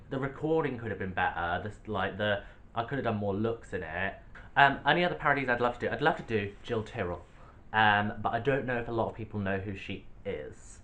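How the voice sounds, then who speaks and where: A man's voice: mid-range voice, bright, forceful tone. A young man, a drag artist, answering fan questions in a casual vlog, playful and sassy with cheeky jokes. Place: home, sitting on a sofa.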